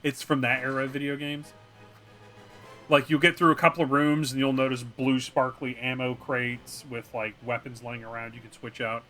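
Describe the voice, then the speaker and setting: A man co-hosting a casual gaming chat, recapping a video game in a rambling, animated way and acting out scenes as he goes. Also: mid-range voice, moderate pace, faint music behind. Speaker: co-host.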